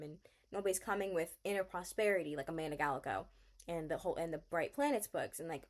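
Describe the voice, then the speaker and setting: A young woman vlogger recapping a book she read, talking excitedly and laughing as she rants. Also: lowish voice. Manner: excitable, gushing, laughs often.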